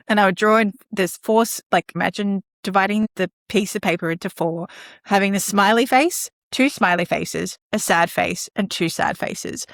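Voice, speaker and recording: A woman's voice: medium pitch, a little fast, no echo, studio quality. A woman talking about caregiving in a conversational podcast, often acting out dialogue with children. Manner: animated, acts out dialogue with children. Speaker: guest speaker on caregiving.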